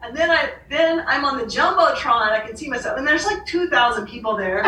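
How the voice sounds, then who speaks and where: Bright, animated woman telling a story. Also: sits high, fairly quick, roomy sound, distant mic, slight background noise, rough recording. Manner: animated storyteller, laughs often, acts out quoted voices. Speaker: author and podcast guest. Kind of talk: storytelling in a conversation.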